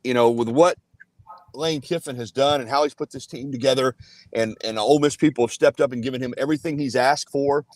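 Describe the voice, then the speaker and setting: A man giving his take on college sports, earnest and full of "you know" fillers. His voice sits in a middle pitch and the sound is dry and close. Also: a little fast, no room sound. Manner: earnest, filler-heavy analysis. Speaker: guest analyst. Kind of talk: casual sports talk.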